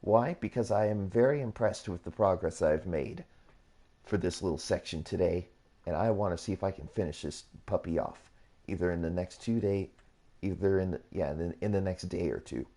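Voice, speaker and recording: Low, mellow-voiced man rambling through a tutorial. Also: moderate pace. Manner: rambling, repetitive, self-correcting. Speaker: YouTuber hosting a gaming channel. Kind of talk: casual build tutorial commentary.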